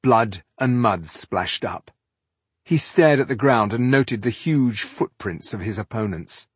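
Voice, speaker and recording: Husky guy narrating a fantasy audiobook, dramatic and measured, super dry close mic. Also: on the low side, lively intonation, dry recording.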